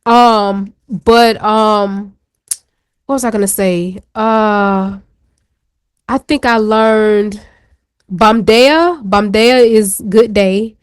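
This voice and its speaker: A woman's voice: mid-range voice, fairly even intonation, very slow, smooth, dry recording, clean studio sound. A woman co-hosting a talk show, telling a personal story in a candid, chatty way with slang asides. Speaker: show co-host. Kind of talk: casual chat.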